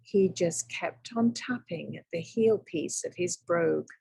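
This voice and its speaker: A woman teacher reads a picture book aloud to her young students, telling it with expressive drama. Her voice is husky with a gravelly fry, and she takes her time. The sound is dry and close. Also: fairly low pitch, unhurried, no room sound.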